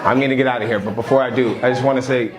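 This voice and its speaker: A man doing stand-up crowd work, brash and insulting, at times shouting. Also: mid-range voice, fairly even intonation, racing. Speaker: stand-up comedian. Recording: echoey club with loud crowd.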